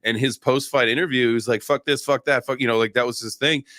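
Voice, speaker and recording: A man hosts a casual crypto livestream in a mid-range voice, fast and fairly bright, with fairly even intonation in a dry, studio-quality recording. He talks loosely and rambles, restarting his sentences and cursing now and then.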